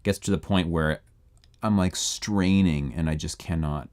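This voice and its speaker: A man producing music on a live stream, chatting in a relaxed, rambling way with viewers between playing. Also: sits low, measured pace. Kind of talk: casual live-stream chat.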